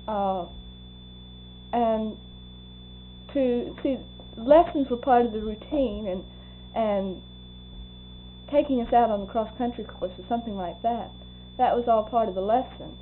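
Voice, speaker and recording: A slightly high voice, slow with frequent pauses, belongs to an older woman remembering people in an oral history interview. She laughs a lot and performs their quoted voices, captured on tinny lo-fi tape with a faint hum.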